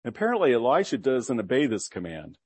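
Man, preacher, sermon, reads scripture then explains it, earnest rhetorical questions, medium pitch, dry close sound. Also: huge pitch swings, fairly quick, darkish tone, breathy edge, no room sound.

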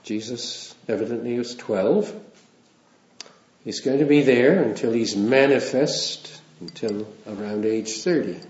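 A man's voice: mid-range voice, a little slow, darkish tone. A man preaching a sermon in a conversational way, with wry asides and small chuckles. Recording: roomy, dull lo-fi sound.

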